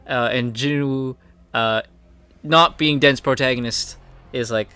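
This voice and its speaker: Bright-voiced man rambling through a recap. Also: mid-range voice, fairly even intonation, unhurried, smooth. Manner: rambling, heavy on fillers like "like" and "you know". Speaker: manhwa chapter reviewer. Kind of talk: casual recap and commentary.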